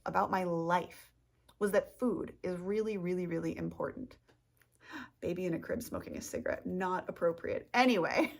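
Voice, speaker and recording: A woman's voice: lowish voice, normal speed, creaky. Giggly, rambling woman vlogger. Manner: trips over words, loses train of thought, giggles. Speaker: self-help vlogger. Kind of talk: casual rambling monologue.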